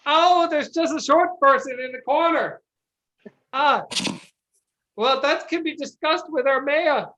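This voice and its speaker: A woman's voice: high-pitched, measured pace, long pauses, fairly bright tone, highs cut off, slight background noise, pitched above the performer's own voice. A woman voicing an anxious, humble peasant man who pleads eagerly for help. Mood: eager, pleading.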